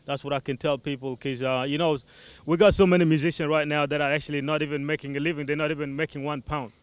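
Earnest man musician, slightly high voice. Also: little pitch movement, fast, clean tone, dry recording. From South Sudan. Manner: loose and earnest, leans on "you know". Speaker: musician guest. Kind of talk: casual interview answers. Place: television studio.

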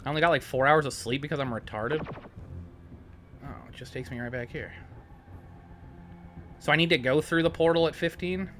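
A man's voice: on the high side, moderate pace, long pauses, fairly bright tone, a little hiss or hum. A tired man streaming a game at home, joking, swearing a lot and reading chat messages aloud. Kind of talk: casual let's-play chat.

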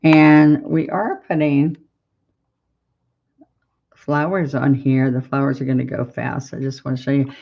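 A woman leads a live painting lesson in an unhurried, fairly level voice, chatting to viewers as she works. The sound is a little dull, like live-stream audio. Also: very deep voice, steady tone, vocal fry. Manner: chatty, encouraging, talks to viewers while painting. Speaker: painting instructor.

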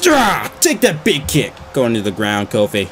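Frantic male gamer with lively pitch. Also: unhurried, faint music behind. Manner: frantic, swings between groans and yelps. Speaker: gaming channel host. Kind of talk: excited gameplay commentary.

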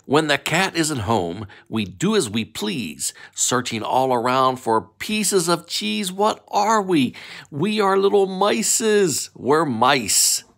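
A man's voice: mid-range voice, very animated, takes it slowly, vocal fry, hardly any pauses, a bit bright. A man reading a bedtime story of rhyming riddles to young children in a playful, sing-song way.

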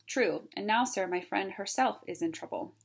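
A woman's voice: mid-range voice, moderate pace, vocal fry, slightly rough. A woman voicing a polite, helpful male crow in a storybook read-aloud, earnest in manner.

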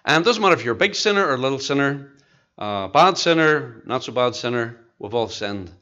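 A man with a Tennessee Southern accent preaching a sermon as pastor, with emphatic, slow stressed phrases and rhetorical questions. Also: mid-range voice, expressive, bright, forceful tone, muffled recording. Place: church sanctuary.

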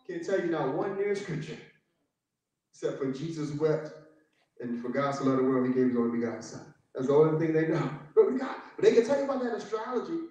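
A man's voice: a little high, sing-song, fast, a little mellow, muffled recording. A man preaching a sermon as pastor, emphatic and full of "glory to God" interjections, acting out little conversations in mocking voices. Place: church sanctuary. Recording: echoey church sound from a distance.

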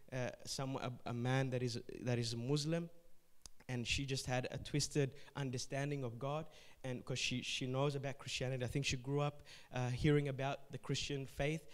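A man, a pastor, preaching a sermon and telling stories, moving between hushed passages and forceful, emphatic ones, repeating words for weight. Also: mid-range voice, level tone, normal speed.

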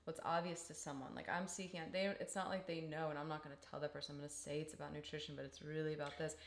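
A woman co-hosting a podcast, thinking aloud about coaching in casual chat with quick restarts. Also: deep voice, level tone, echoey room, a little hiss or hum. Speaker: podcast co-host.

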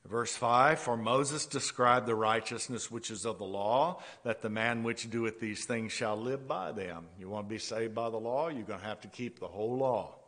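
A man preaching a sermon with a halting delivery, repeating words as he goes and laughing softly between points. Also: mid-range voice. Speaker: pastor. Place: church sanctuary. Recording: long church-hall reverb.

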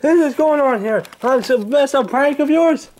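A performer voicing a furious old grandpa who yells and curses in a high, lively voice. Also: normal speed, natural voice. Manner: yelling, cursing, demanding.

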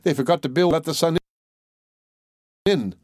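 A man's voice: a little high, measured pace, darkish tone, no echo, studio quality, pitched above the performer's own voice, lightly acted. A man voicing Tom Thumb, a tiny, plucky and cheeky little boy in a storybook audiobook, with a perky, bold way of calling out. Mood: chatty.

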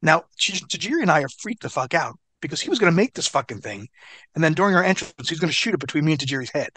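A middle-aged American man, a former wrestler, telling an animated, profane story as an interview guest. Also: fairly high pitch, rapid-fire, dry recording.

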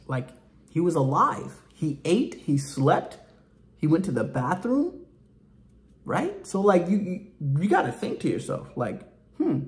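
A man preaching in an emphatic, colloquial way, as if talking straight to his viewers. His voice sits a little high and swings widely in pitch. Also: very animated, measured pace. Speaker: ministry speaker. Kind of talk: informal testimony preaching.

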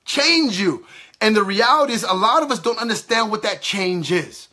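High bright-voiced man preaching. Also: lively intonation, normal speed. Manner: emphatic, repetitive, acts out quoted exchanges. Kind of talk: impassioned sermon.

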